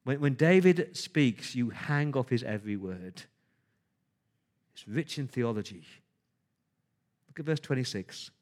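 A man's voice: medium pitch, expressive, measured pace, long pauses, darkish tone. A man preaching a sermon, emphatic, with rhetorical questions and words repeated for stress.

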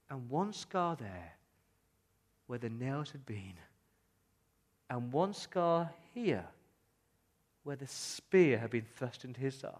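A man preaching in the first person as the disciples, a frightened group of men who are amazed by what they witness. He tells the story in an excited, storytelling manner. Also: on the high side, heavily acted. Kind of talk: first-person dramatic monologue in a sermon.

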